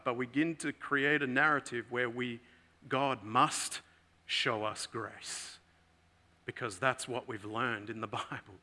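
In a mid-range voice, this preacher earnestly relates a story during his sermon, his delivery alternating between forceful emphasis and quiet hush.

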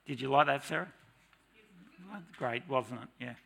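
Bright-voiced man preaching a sermon. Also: mid-range voice, moderate pace, creaky, breathy edge. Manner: animated, mock-shouting and singing to make points.

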